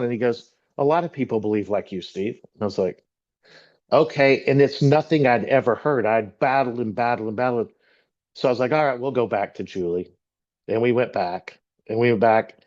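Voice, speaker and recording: A man's voice: fairly low pitch, a little mellow, lo-fi sound. A middle-aged man telling his personal testimony to a church, earnest and emotional, rambling with restarts. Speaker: church member sharing testimony.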